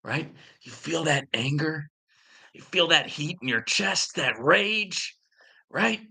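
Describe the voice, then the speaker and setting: Slow, sarcastic man with a bright edge. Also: fairly high pitch, expressive, creaky, breathy edge. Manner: sarcastic, teasing, drawn-out taunts. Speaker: show host. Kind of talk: mocking reply to a viewer comment.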